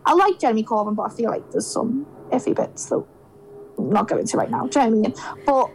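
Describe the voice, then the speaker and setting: Brief: young Scouse woman, high voice, animated storyteller, podcast guest. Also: fast, vocal fry, slight background noise, poor audio. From Liverpool, England. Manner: chatty, animated storytelling, acts out quoted dialogue. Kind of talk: casual podcast chat.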